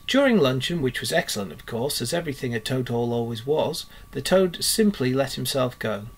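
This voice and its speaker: A man reading a children's book aloud in a steady, expressive storytelling manner. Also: mid-range voice, fairly quick, few pauses, husky. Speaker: reader.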